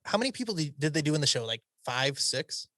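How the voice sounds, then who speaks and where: Upbeat podcast host, dry sound. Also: male voice, a little high, sing-song, quick pace, a bit bright, no echo. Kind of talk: casual interview.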